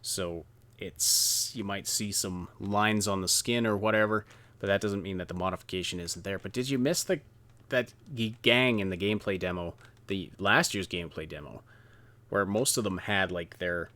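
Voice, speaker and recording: Low-voiced man reading gaming news. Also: a bit bright. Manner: measured, reads from articles, hesitant restarts. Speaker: podcast co-host. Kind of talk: casual podcast chat.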